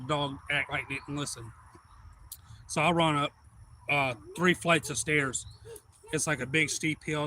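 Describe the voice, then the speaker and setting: A man, rambling through excitable anecdotes on a casual live stream. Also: on the high side, a little hiss or hum. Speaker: livestream host. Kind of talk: casual storytelling.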